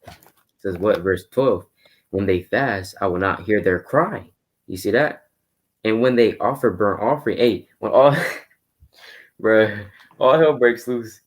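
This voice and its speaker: Low-voiced man preaching casually. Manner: casual, fast bursts, tells stories of preaching outreach. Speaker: Bible teacher. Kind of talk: street-style Bible study preaching.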